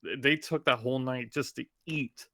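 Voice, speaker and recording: Bright-voiced man in casual chat. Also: mid-range voice, normal speed. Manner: easygoing, laughs along. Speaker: podcast co-host. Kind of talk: casual film discussion.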